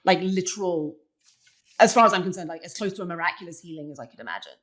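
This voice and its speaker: A woman's voice: on the low side, fast. A young adult woman, a guest in an interview, telling a personal story casually and filling it with "like". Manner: chatty, many "like" fillers, animated retelling. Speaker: interview guest, poker player.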